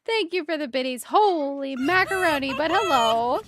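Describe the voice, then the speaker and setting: A woman's voice: sits high, dry recording, clean studio sound. A woman streamer chatting casually with her viewers while drawing emotes, giggling often and calling out exclamations. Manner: giggly and exclamatory, talks to chat.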